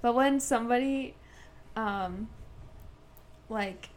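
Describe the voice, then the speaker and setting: A young woman with a Midwestern American accent talks slowly and hesitantly on a casual podcast. Her voice sits a bit high, and she giggles as she circles back to finish her thoughts. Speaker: podcast co-host. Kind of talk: casual chat.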